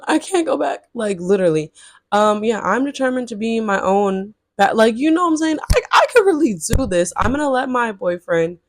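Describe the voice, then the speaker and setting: Animated woman telling a storytime rant. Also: dry recording, studio quality. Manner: animated, swings into high exasperated outbursts; chatty, talks straight to viewers as "y'all". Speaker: storytime vlogger. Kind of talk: casual storytelling to camera.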